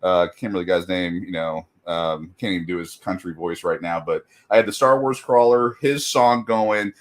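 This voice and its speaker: A man's voice: sits low, normal speed. A middle-aged man chatting casually as a guest, rambling with lots of fillers and laughing at himself often. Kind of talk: casual chat.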